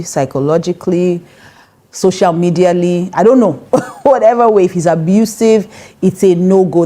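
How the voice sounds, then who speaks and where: A middle-aged woman pastor with a Nigerian English accent teaching on marriage in a direct, conversational way. Her voice sits low and sounds warm and mellow. She stresses her points firmly and breaks into laughter often.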